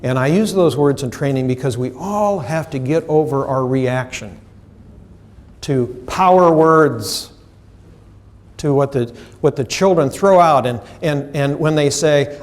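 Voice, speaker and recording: An American man with a somewhat high voice gives an animated, direct seminar talk, quizzing and teasing the room. His voice shifts in loudness and speed as he drives each point home. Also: measured pace. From United States. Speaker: trainer presenting a seminar. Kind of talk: live seminar lecture to a room.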